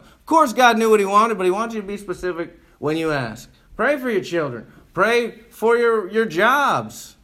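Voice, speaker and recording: A man's voice: sits high, big pitch swings, moderate pace, few pauses, sharp tone. A man pastor giving a conversational sermon, folksy and emphatic, firing off rhetorical questions at his congregation.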